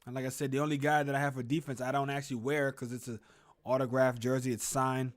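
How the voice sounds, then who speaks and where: A man's voice: mid-range voice, level tone, fast talker. A young man hosting a casual sports show at home, rambling about a football game and greeting viewers in the chat. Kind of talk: casual live game reaction stream. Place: at home in a room with a closet.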